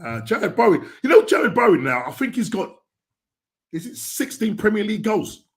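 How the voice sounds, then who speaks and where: A man hosting a football podcast, talking in a rambling, excitable way with lots of restarts. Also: high-pitched, normal speed. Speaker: podcast host. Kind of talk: casual football chat.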